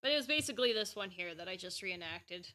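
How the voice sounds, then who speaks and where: A woman's voice: fairly low pitch, expressive, fast, bright, forceful tone. A woman streamer chatting casually while drawing, rambling and playful.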